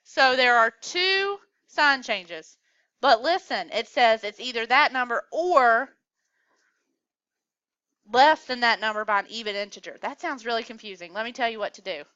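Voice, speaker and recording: A woman's voice: on the high side, animated, normal speed, sharp tone, no room sound, highs cut off. A woman teaching a math class, coaxing students along with questions in a classroom lecture.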